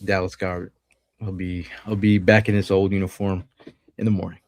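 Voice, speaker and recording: A man's voice: low voice, flat delivery, normal speed. A man with a Philadelphia accent hosting a live sports podcast, chatting casually and reading out viewer comments and news quotes. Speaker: podcast host.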